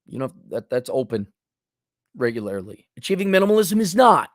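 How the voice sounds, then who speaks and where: A middle-aged man hosts a livestream and works through viewer super chats with blunt, mocking sarcasm. His voice sits in a medium pitch, and the recording is dry and close with no room sound. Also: sing-song, a little fast, dry recording. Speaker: host.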